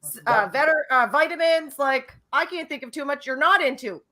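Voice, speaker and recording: High bright-voiced woman hosting trivia, chatty and rambling. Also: normal speed. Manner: chatty, rambling, laughs easily. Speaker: trivia show host. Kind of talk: casual chat.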